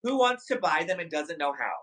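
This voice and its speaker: A man hosting a live shopping stream with a bright, forward voice pitched a little high. He talks fast and excitably, hyping each product and calling out to his viewers. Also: poor audio. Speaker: livestream shopping host. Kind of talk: live sales stream chat.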